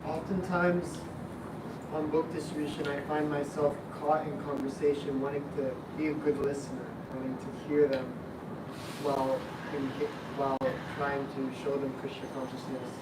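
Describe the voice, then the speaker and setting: Man asking a question from far off, flat voice, loud traffic noise behind. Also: a little high, normal speed, echoey room. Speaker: workshop participant.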